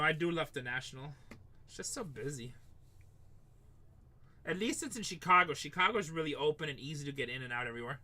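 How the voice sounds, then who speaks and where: Middle-aged male break host, rambling jokey patter, forceful bright tone. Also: fairly high pitch. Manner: rambling, joking, swears casually, calls out teams. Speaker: live card break host. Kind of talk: livestream sales chat.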